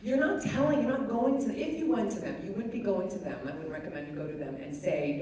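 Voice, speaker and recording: A woman's voice: medium pitch, expressive, a little fast. Woman speaking in an echoey hall. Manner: chatty, conversational, many fillers. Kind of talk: live talk with audience questions. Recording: echoey hall, distant mic, faint noise.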